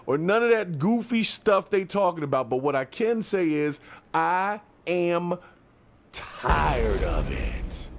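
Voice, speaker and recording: A man delivering a fired-up ranting commentary monologue to his viewers, swinging between yelling and calming down and often asking if they understand. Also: high-pitched, gravelly. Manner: fired-up, repeats "you understand what I'm saying". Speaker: video commentator.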